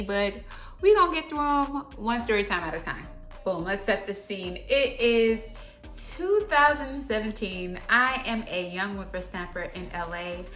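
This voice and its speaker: A young adult woman tells a story to her audience in a chatty, slangy way. Her voice is bright and forward, at an ordinary pitch. She talks with animated, conversational energy. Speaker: vlogger. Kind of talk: casual storytime vlog.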